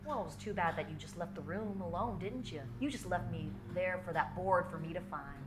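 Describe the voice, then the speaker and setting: A man's voice: sits high, brisk, background noise, lightly acted. A woman voicing a menacing, arrogant man who sneers and talks down with contempt. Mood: sneering.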